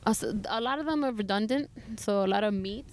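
A woman's voice: medium pitch, brisk, a little hiss or hum. A woman in her thirties telling travel stories in casual chat, saying "like" constantly. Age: 30s. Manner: chatty, heavy use of "like". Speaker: guest sharing travel stories.

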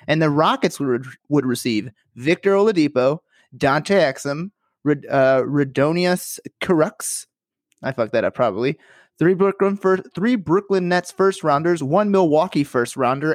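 A man's voice: a little high, dry recording, studio quality. A young man hosting a casual podcast, joking and swearing as he talks. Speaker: podcast host.

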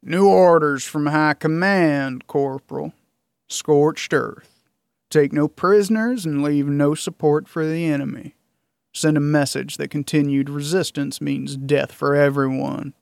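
A man reading the lines of a grizzled older army captain who speaks in an even, cold tone. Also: on the high side, measured pace, creaky, no room sound. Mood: stern.

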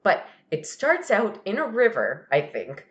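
Woman podcast cohost, lively up-and-down voice, laughs a lot, kinda dull lo-fi audio. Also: medium pitch, a little slow. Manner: animated, laughing, acts out quoted lines. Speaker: podcast co-host. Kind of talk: casual chat recapping a TV episode. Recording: dull lo-fi recording.

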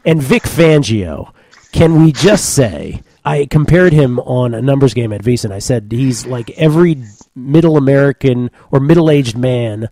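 Male betting-show host, dark tone, dry close sound. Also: mid-range voice, lively intonation, a little slow, no room sound. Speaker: sports betting podcast host. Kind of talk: casual sports betting talk.

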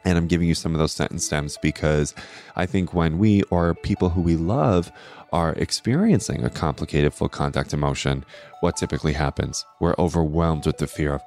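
A man's voice: rumbling low, normal speed, darkish tone, faint music behind. A man hosting an astrology podcast, talking alone in an earnest, explanatory way and often adding tag questions. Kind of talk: solo podcast talk.

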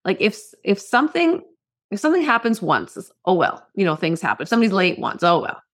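A middle-aged woman, a motivational speaker and podcast guest, telling a story in relaxed conversation and acting out the quoted dialogue. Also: mid-range voice, quick pace. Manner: animated, acts out quoted dialogue.

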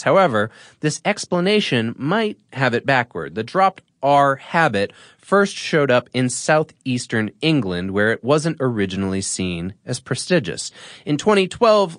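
A man's voice: medium pitch, a bit bright, dry recording, clean studio sound. A man from the Boston area, hosting a podcast and reading a scripted explainer with chatty, wry asides. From Boston area, USA. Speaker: podcast host.

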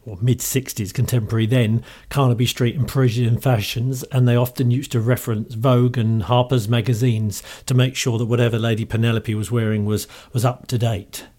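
A man with a London Cockney accent presents the show in a chatty, relaxed way, with amused, fond asides. His voice sits at an ordinary middle pitch. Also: a little fast, few pauses. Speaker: podcast host. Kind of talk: casual enthusiastic commentary.

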